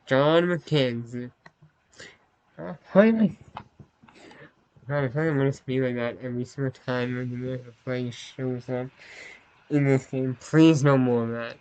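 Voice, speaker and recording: A man's voice: medium pitch, little pitch movement, a little fast, darkish tone, no room sound, low-quality recording. Man narrating a story game, dry. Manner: apologetic, self-conscious aside. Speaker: gameplay narrator.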